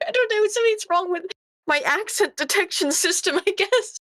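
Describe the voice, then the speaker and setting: An American woman chatting casually on a livestream, animated and laughing often, trailing off and restarting. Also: extremely high pitch, normal speed. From United States. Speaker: stream co-host.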